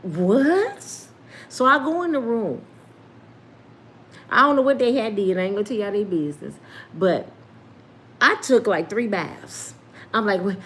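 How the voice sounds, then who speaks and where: A woman in her fifties telling a casual story, animated and laughing often as she acts out the people in it. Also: medium pitch, moderate pace, pauses often. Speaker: storyteller host.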